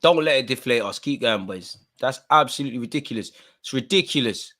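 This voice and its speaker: Bright-voiced man heckling a referee. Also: medium pitch, animated, brisk. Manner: exasperated, heckling the referee, swings between muttering and shouting; London street slang. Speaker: football watch-along co-host. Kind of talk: live match commentary and banter.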